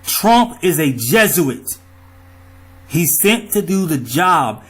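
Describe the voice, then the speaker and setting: A man's voice: a little high, big pitch swings, takes it slowly. A man in an angry monologue to his viewers, riled up, profane and ranting. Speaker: vlogger.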